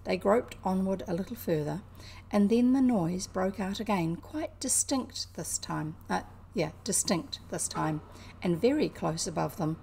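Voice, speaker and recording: A woman from New Zealand with a New Zealand accent, reading a classic children's novel aloud in an unhurried, expressive way. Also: medium pitch, creaky, slight background noise. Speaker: reader.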